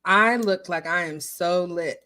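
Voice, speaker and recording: A woman's voice: lowish voice, slow, bright, forceful tone. A tipsy woman casually chatting on a livestream in an echoey room at home, giggling and greeting viewers. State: a little tipsy. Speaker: livestream host.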